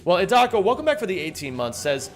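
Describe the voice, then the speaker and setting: A man's voice: high-pitched, sing-song, quick pace, faint music behind. A young man live-streaming a game, chatting casually, thanking viewers and swearing freely as he rambles. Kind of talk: casual live-stream chat while gaming.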